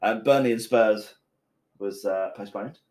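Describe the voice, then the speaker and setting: Low-voiced man, teasing and jokey. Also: measured pace, a little mellow. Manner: jokey, teasing, laughs often. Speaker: podcast host. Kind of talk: casual football chat. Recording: roomy echo.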